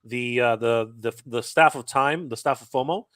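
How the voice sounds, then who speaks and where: A man's voice: medium pitch, moderate pace, a bit bright. A man on a live stream, correcting figures in a casual, teasing way.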